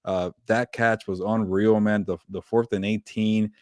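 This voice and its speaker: A man with a lowish voice banters about football as a podcast co-host. He laughs easily and trips over his words with fillers and restarts. The recording is dry and close, with no room sound. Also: steady tone, measured pace, no room sound. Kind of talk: casual sports chat.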